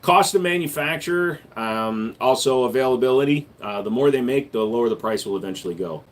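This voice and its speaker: A man talking casually to his livestream chat, a mid-pitched everyday voice. He answers questions in a laid-back, joking way, with bursts of louder hype when he calls on viewers. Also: lively intonation, brisk. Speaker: livestream host and gun store owner.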